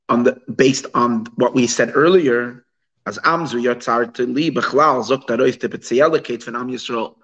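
A man's voice: mid-range voice, a bit bright, dull audio. A man teaching a text study class, asking rhetorical questions and mixing Hebrew and Yiddish terms into his English explanation. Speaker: Torah teacher.

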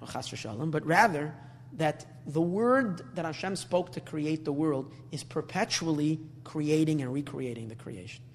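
Man, rabbi teaching, slightly high voice, earnest, repeats words, long reverb, faint hum behind. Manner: earnest, repeats words while searching, mixes Hebrew terms. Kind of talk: Torah class sermon.

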